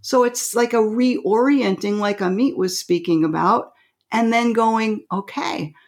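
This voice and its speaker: A woman co-hosting a spiritual podcast, excitable and animated, who acts out little voices and laughs often. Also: a little high, measured pace. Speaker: podcast co-host.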